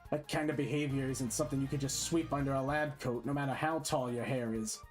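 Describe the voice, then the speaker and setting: A man's voice: medium pitch, fairly even intonation, brisk, faint music behind. A man hosting a casual stream, reading a role-play debate aloud with amused asides as moderator.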